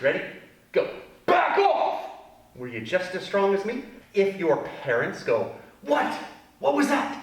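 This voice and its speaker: An upbeat, high-pitched male taekwondo instructor in costume leads a children's fitness class, coaching playfully with goofy asides. He's recorded from a distance in a roomy, echoey space with music playing.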